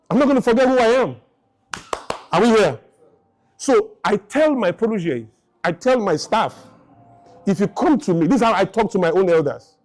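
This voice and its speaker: A man's voice: high-pitched, animated, moderate pace, long pauses. A man in his fifties giving a motivational lecture to a live audience, emphatic and firing rhetorical questions. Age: 50s. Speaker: speaker.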